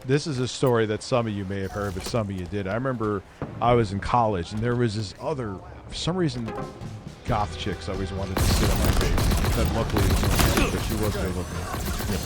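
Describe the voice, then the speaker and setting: A man hosting a stream, telling crude stories in a blunt, animated way. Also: on the low side, a little fast. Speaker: streamer and host. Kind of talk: casual profane storytelling. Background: music.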